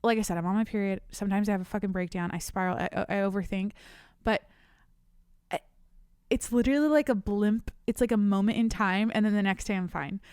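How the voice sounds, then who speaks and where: A woman's voice: mid-range voice, fairly quick, darkish tone, clear, resonant tone, no echo, studio quality. Candid young woman hosting a podcast. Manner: candid, rambling, swears freely. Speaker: podcast host. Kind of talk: casual solo podcast chat. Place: home studio. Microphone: studio mic, on camera.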